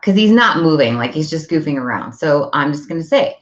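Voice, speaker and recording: A woman's voice: low voice, animated, brisk, few pauses, roomy sound. A woman hosting a parenting talk, chatting casually and acting out talks with her kids. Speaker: parenting podcast host. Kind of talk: casual chat. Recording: dull lo-fi audio.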